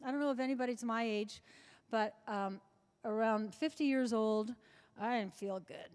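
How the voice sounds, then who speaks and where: Woman in her 70s, interview guest, chatty storyteller, slightly high voice, long hall reverb. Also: normal speed, darkish tone, clear, resonant tone. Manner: chatty anecdotal storyteller with many restarts. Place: large club function room before an audience.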